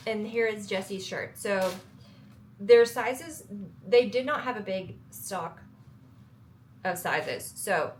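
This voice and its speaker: A woman's voice: mid-range voice, slow, a little hiss or hum. A young woman with a Southern US accent, talking casually and upbeat to camera in a travel vlog, joking about herself. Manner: chatty, upbeat, self-joking. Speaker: travel vlogger.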